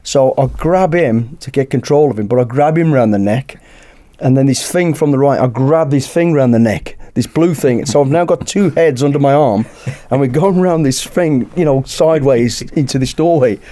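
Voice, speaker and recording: A British man, a podcast guest, telling a lively anecdote in casual chat and acting out the dialogue. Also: mid-range voice, normal speed, hardly any pauses. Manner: lively anecdote-teller who acts out dialogue. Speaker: podcast guest, former bodyguard.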